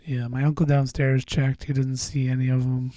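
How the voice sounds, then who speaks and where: A man rambles through a casual solo podcast, swearing freely and drifting into mumbles. His voice is deeply dark and mellow, and the sound is close and dry with no room around it. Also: little pitch movement, moderate pace, dry recording. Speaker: podcast host.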